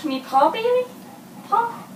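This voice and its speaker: High, lively woman cooing at dogs. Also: slow pace, slight background noise, poor audio. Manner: sing-song baby talk aimed at dogs. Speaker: vlogger interviewing her pet dogs. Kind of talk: playful pet vlog. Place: home room with an ottoman.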